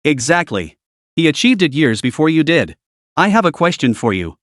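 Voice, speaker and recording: A man's voice: a little high, very animated, normal speed, no echo, clean studio sound. A man doing a grave clan father. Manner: grave, questioning. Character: stern father of a noble clan.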